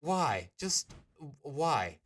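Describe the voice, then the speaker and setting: A man's voice: on the high side, sing-song, drawn-out words, fairly bright tone. A man streaming a casual comic reaction, exasperated and incredulous, firing off questions.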